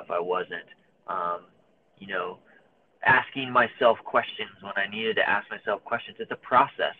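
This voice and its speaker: A man's voice: on the low side, slight background noise. A man in his thirties talking openly and emotionally as a guest, searching for words with many fillers and restarts. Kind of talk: candid conversation. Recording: phone-like narrow band.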